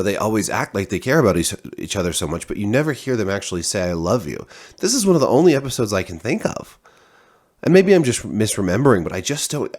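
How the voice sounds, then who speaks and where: Middle-aged male reviewer, very low voice, loose rambling delivery. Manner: rambling, many restarts and fillers. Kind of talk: casual spoken review.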